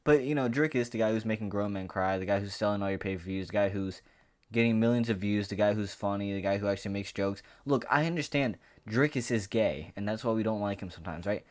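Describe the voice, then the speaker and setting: A man's voice: lowish voice, quick pace. A man ranting to camera in a casual sports vlog, heated and profane, rambling with frequent restarts. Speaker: MMA commentary vlogger.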